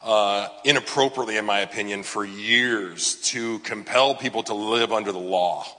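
A man's voice: fairly low pitch, moderate pace, sharp tone, long reverb tail. A man, a pastor, preaching in a casual, conversational way with frequent fillers and asides. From Southern California. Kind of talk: sermon.

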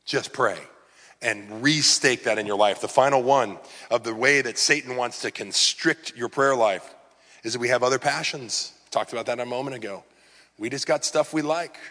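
A man's voice: mid-range voice, moderate pace, bright, forceful tone, long reverb tail. A man preaching a sermon in a conversational, earnest way, often acting out the words of the people he talks about. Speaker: pastor.

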